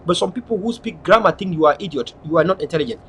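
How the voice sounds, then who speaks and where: This political activist from Southern Cameroons talks in an animated, high-leaning voice at a racing pace, with a little hiss or hum. In Cameroonian English, he gives a passionate, lecturing monologue that repeats itself heavily.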